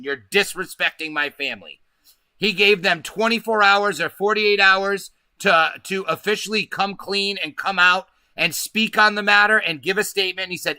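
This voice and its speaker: High bright-voiced male livestream host. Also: normal speed, no room sound. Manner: emphatic, profane, keeps asking "okay?". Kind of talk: casual livestream commentary.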